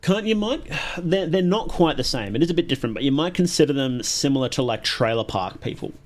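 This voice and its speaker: A man's voice: fairly high pitch, animated, brisk. Chatty Australian man streaming a game. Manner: chatty, reactive, asks questions aloud. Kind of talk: live gameplay commentary.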